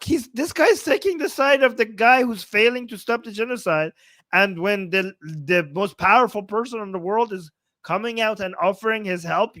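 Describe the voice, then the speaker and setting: A man's voice: sits high, bright, forceful tone, no room sound. A man commentating on a news clip in a sarcastic, combative way, swearing often. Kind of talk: reaction commentary.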